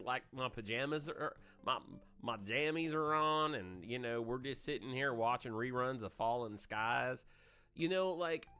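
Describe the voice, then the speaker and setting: A man's voice: medium pitch, a bit bright. A man in his forties from Maine hosts a gaming livestream, rambling through chatty stories in a voice trained for FM radio. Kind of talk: casual livestream chat.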